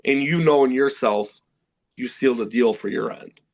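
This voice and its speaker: A man giving calm, practical dating advice step by step. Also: mid-range voice, moderate pace. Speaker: matchmaker. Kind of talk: casual coaching chat.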